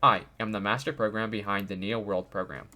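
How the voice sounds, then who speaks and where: A man voicing a calm artificial intelligence program with a polite, explanatory, robot-like manner while reading game dialogue aloud. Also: fairly low pitch, brisk, pitched below the performer's own voice.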